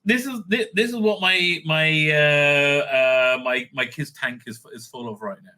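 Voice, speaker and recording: A man hosting a casual monologue, rambling with many restarts and sudden excited bursts. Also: a little high, measured pace. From Israel. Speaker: host.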